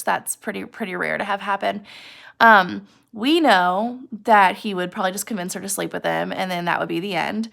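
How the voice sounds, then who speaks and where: A woman's voice: medium pitch, vocal fry. A woman teacher retelling a novel chapter to her class, acting out the characters' quoted lines. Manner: retells scenes with animated quoted voices.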